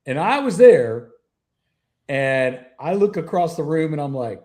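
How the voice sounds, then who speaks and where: A man's voice: a little high, very animated, measured pace, a little mellow. A middle-aged man, a retired police officer telling profane anecdotes as a guest on a call-in interview. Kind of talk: casual storytelling interview.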